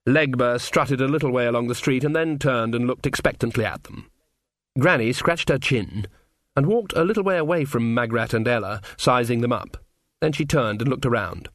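A man reading a novel aloud as an audiobook narrator, measured and wry. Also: mid-range voice, a bit bright, dry recording, clean studio sound. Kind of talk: scripted narration.

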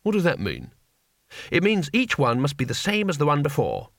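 A man's voice: a little high, huge pitch swings, moderate pace, gravelly, no echo, studio quality, heavily acted. A man voicing a timid, mild-mannered male tourist who talks in an earnest, apologetic way. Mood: fretful.

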